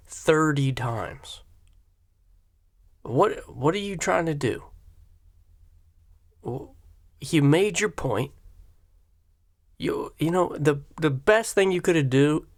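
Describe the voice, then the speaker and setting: A man hosting a reaction commentary, ranting sarcastically with blunt, profane remarks about a video. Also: mid-range voice. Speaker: commentary host.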